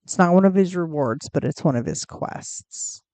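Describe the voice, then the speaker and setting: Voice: medium pitch, lively intonation, normal speed, dark tone, dry recording. A game streamer in casual gameplay commentary, chatty and rambling, cooing at pets in the game, close to a desk mic.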